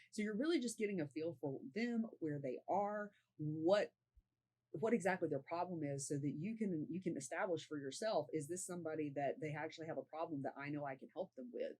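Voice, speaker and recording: A woman's voice: deep voice, a little fast, a little mellow, husky, poor audio. Woman coaching casually, "right?" tag questions. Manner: conversational, often tags sentences with "right?". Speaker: sales coach. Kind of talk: casual tutorial to camera.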